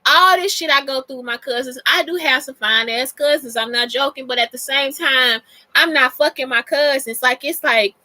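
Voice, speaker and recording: A woman's voice: high voice, normal speed, bright, forceful tone, no room sound. A woman hosting a casual talk show, speaking bluntly and with lots of profanity as she answers listener questions. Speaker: podcast host.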